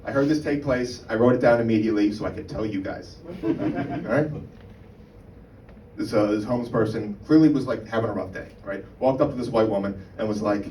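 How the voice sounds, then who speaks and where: A man's voice: on the low side, brisk, a little mellow. Profane, chatty male stand-up comic. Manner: conversational, profane, keeps asking "right?". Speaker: stand-up comedian. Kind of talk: stand-up comedy. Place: comedy club stage. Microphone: mic on a stand. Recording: roomy live room, mic far off, background noise.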